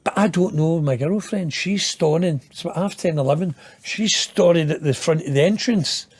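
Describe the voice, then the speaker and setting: There's no echo on this recording of a Scottish guest in his fifties, whose fairly high voice has a breathy edge and moves at normal speed. He rambles profanely through a long interview story, laughing and self-mocking.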